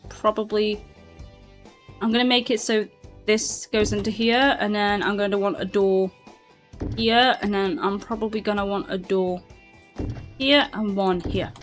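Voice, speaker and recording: A woman from southern England with a mixed British accent, chatting casually to her live chat while playing a game and laughing often. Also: mid-range voice. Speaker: streamer.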